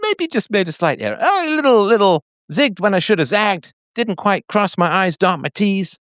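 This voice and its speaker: A man's voice: sits high, very animated, moderate pace, fairly bright tone, dry recording, clean studio sound, voice pushed up. A man putting on a sing-song mocking woman. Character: adult woman sheepishly admitting she was wrong.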